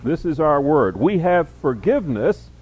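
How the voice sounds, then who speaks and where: A man teaching a Bible study lecture, explaining words slowly and reading verses aloud with added emphasis, often pausing with fillers. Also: on the high side, sing-song, a little mellow, slightly rough, dull audio.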